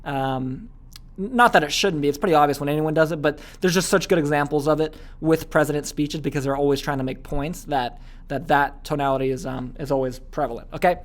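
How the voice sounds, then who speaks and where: Guy rattling off a casual lesson fast, lots of ums and okays, acts out little scenes. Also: fairly high pitch. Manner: fast, chatty, full of fillers and "okay?" asides. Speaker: online course instructor. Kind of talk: casual teaching talk.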